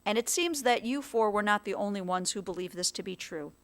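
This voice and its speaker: A woman officiant giving a funeral eulogy in a chapel, speaking slowly, gently and in a measured way. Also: medium pitch, lively intonation.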